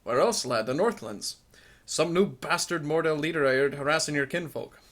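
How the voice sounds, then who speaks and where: A man voicing a gruff old villager in a wobbly, made-up accent, reading game dialogue aloud. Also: fairly high pitch, normal speed. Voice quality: loud, mangled mock accent.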